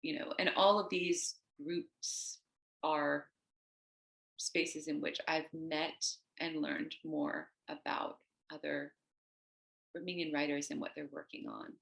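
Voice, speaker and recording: A woman poet from the United States, a guest on a video call, talking in a discursive, animated way and wandering onto tangents. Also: low-pitched, takes it slowly, vocal fry, reverberant. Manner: animated, acts out quoted voices. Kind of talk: casual conversation.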